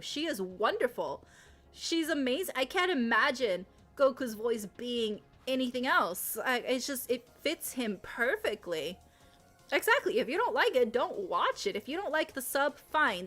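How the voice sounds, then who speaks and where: A woman streamer chatting casually on a live stream, talking loudly and emphatically, repeating herself as she rants and reads news aloud. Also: fairly high pitch. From Latin America. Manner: animated, emphatic, ranting with repeated phrases; loud.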